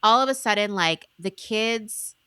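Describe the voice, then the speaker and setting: A tipsy woman co-hosting a book podcast, rambling through a plot recap with animated asides. Her voice is bright and forward. The sound is close and dry. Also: mid-range voice, unhurried, clean tone, dry recording. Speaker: book club podcast co-host. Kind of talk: casual chat.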